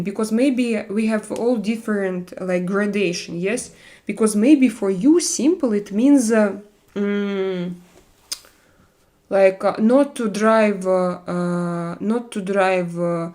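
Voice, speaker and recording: A Russian-accented woman chats with her viewers on a livestream in hesitant English, stopping often for fillers. Her delivery is slow and unhurried, and her pitch sits in a middle range. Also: darkish tone. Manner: hesitant, halting non-native English with many fillers. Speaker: livestream host. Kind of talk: casual livestream chat with viewers.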